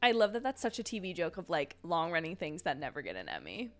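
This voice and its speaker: A young woman hosting a casual watch-along livestream, chatty and rambling, with quick apologetic asides and a sleepy edge. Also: on the low side, huge pitch swings. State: sleepy, yawning. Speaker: livestream host.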